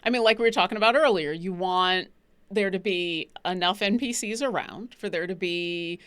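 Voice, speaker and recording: A woman chatting casually about her tabletop role-playing game, animated and laughing often. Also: on the low side, normal speed, smooth, no room sound. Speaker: player.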